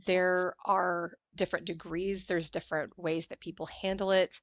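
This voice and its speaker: A woman's voice: lowish voice, no room sound, highs cut off. A woman speaking as a podcast guest, telling stories animatedly and acting out the voices of other people. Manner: animated storyteller acting out quoted dialogue. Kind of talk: conversational interview.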